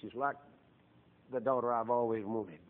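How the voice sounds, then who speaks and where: A middle-aged man preaching a sermon, with fervent delivery that swells into loud, drawn-out emphasis. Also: medium pitch, steady tone. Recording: tinny phone-like lo-fi sound.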